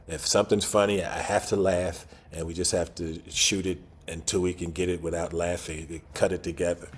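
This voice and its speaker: A man's voice: sits low, level tone, normal speed, husky. A man in his sixties, a guest actor in a casual interview, talking in a laid-back way with chuckles and repeated phrases. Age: 60s.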